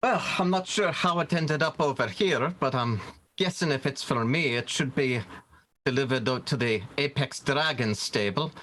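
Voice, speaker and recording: A man voicing a courteous mech officer who speaks earnestly and a little hesitantly. His voice is bright, with middling pitch. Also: normal speed, close to an everyday voice. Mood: polite.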